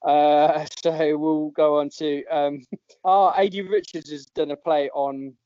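A man's voice: a little high, steady tone, slow, dark tone. A man hosting a podcast, chatting casually and laughing often as he reads out listeners' joke entries. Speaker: podcast host. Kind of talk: casual chat. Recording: dull lo-fi podcast audio.

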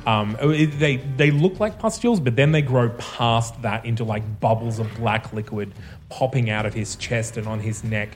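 A man running a tabletop game, narrating slowly with halting pauses and fillers. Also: medium pitch, soft background music. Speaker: game master.

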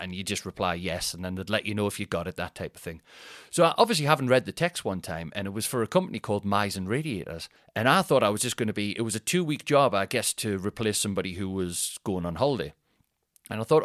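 A man's voice: fairly low pitch, fast talker, fairly bright tone, dry recording, studio quality. A man in his thirties with a Geordie accent, telling rambling self-deprecating stories on a comedy podcast. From Newcastle, England. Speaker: podcast host and stand-up comedian. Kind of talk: casual comedic monologue.

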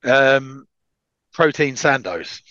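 A man riffs through casual podcast banter, swearing freely as he pitches ideas. His voice swoops up and down with real animation. The recording is dry and a little dull, like a lo-fi mic. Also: expressive, drawn-out words, bright, forceful tone, dry recording. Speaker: podcast co-host.

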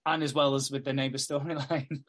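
A man's voice: medium pitch, flat delivery, a little fast. A man co-hosting a casual podcast, laughing often as he recaps a TV show. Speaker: podcast co-host. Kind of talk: casual chat.

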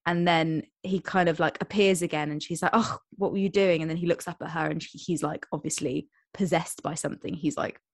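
Chatty woman podcast co-host, low dry voice. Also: fairly even intonation, a little fast, few pauses, dry recording. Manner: chatty, retells plots with quoted voices. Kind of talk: casual chat.

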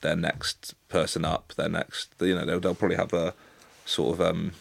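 A man in his thirties, a guest on a sports podcast, thinking aloud in a relaxed, hesitant way. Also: low-pitched, normal speed, vocal fry. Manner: thoughtful, hesitant restarts. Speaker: guest, international rugby player. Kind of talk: casual interview chat.

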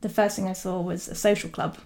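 A woman's voice: lowish voice, steady tone, brisk, a little mellow. A woman, a documentary filmmaker, telling a story casually with many fillers and frequent laughs.

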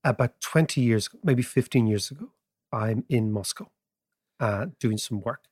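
A man, co-hosting a podcast in casual chat, telling lively anecdotes and explaining economics. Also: medium pitch, unhurried, slightly rough. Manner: animated, laughing anecdotes. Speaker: podcast co-host.

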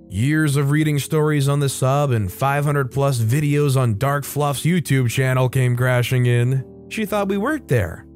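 A man's voice: medium pitch, darkish tone. A man reading online stories aloud as a show host, telling them playfully and expressively with sudden lifts in his voice. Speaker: story narrator and show host.

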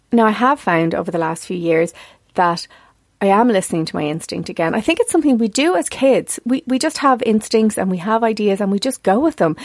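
A candid woman in her forties reflects aloud as a podcast host, her voice gravelly with fry at the ends of her phrases. She is earnest and openly emotional, recorded close and dry with no room sound. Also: mid-range voice, a little mellow, no echo. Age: 40s. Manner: earnest, confessional, easily emotional.

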